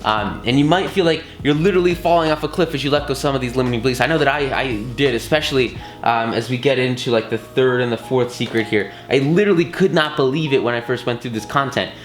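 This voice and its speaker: Excited guy teaching a course, lots of um and like, roomy sound, faint music underneath. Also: medium pitch, fast talker, hardly any pauses. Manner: enthusiastic, slangy, many fillers and restarts. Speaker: course instructor. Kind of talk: casual recorded course lesson.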